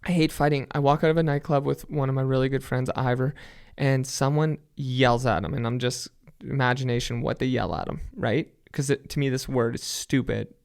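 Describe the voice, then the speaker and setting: A young man telling stories as a podcast guest, animated and full of swearing. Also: medium pitch, fairly quick, vocal fry, few pauses, clean tone. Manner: profane, animated storytelling. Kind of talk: casual chat.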